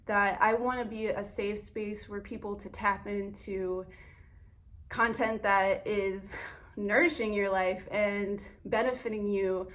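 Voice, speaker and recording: A young woman speaks to her viewers in an earnest, gentle way, sharing a simple breathing practice. Her talk is casual and heartfelt, like a wellness vlog. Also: medium pitch, steady tone, slow pace. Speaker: wellness vlogger.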